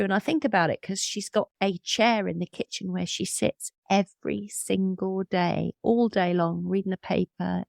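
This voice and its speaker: Gravelly-voiced woman in her fifties reflecting. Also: medium pitch, dry recording, studio quality. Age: 50s. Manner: earnest, reflective, with small laughs. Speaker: interview guest. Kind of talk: reflective conversational storytelling.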